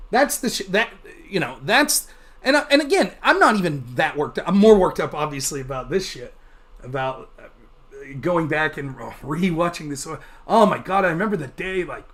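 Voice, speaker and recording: A male livestream host talks in a loose, swearing rant, his pitch swooping up and down as he gets worked up. The delivery stays casual and unscripted, like a streamer talking straight to his chat. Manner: animated, profane ranting.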